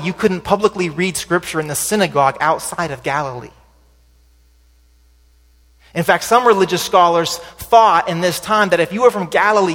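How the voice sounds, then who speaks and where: A man with a fairly high voice gives a sermon in a church sanctuary, and it sounds conversational, with rhetorical questions thrown in. His voice climbs for emphasis and trails off quietly at the ends of phrases. The recording carries a long hall reverb. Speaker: pastor.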